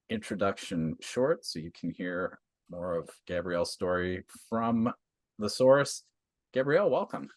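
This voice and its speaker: A man's voice: fairly low pitch, dry recording, studio quality. A man hosting a leadership podcast, introducing his guest and asking easygoing questions. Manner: easygoing, interjects with short encouragements. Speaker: podcast host. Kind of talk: podcast interview.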